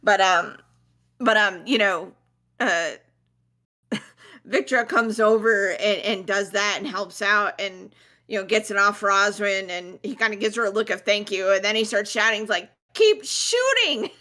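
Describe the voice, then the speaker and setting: A woman's voice: mid-range voice, fairly even intonation, unhurried, pushed and bright. A woman player in a tabletop role-playing game, talking hesitantly and counting her dice aloud.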